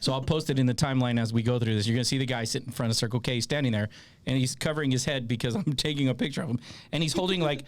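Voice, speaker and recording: A man's voice: medium pitch, rapid-fire, no echo. A man hosting a casual chat, joking and swearing as he tells a story. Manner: lively, joking, profane. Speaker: podcast host.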